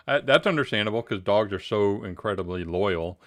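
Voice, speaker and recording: A man hosting a relaxed livestream conversation, bantering with his guest and steering the talk with personal questions. His voice sits somewhat low and his delivery stays easygoing and conversational. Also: normal speed. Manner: chatty, joking, asks personal questions. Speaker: livestream interview host. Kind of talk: casual livestream interview.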